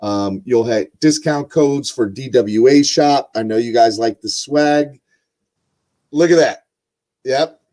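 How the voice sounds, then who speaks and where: Young male podcast host, mid-pitched, loose rambling delivery full of filler. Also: slow, warm tone. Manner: rambling, lots of ums and uhs. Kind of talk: casual sports podcast chat.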